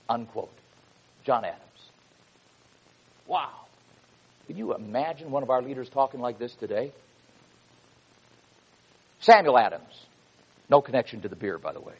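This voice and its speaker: A man's voice: medium pitch, animated, measured pace, long pauses, breathy edge, dull audio. A man preaching a sermon from the pulpit, speaking emphatically and reading quotations with rising fervor.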